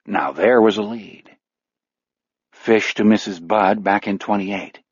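A man narrating a dark novel in a measured, grim storytelling voice. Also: lowish voice, slightly rough, dry recording. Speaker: audiobook narrator. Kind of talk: scripted narration. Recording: dull, dry studio audio.

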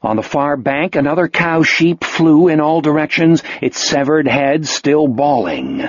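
A man reading an audiobook in steady scripted narration. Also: on the high side, a little slow, no room sound, lo-fi sound.

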